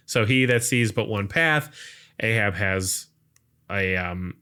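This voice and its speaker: Man, podcast host, casual movie recap, rambling with fillers, bright tone, crisp clear voice. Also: medium pitch, slow pace. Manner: rambling, filler-heavy retelling.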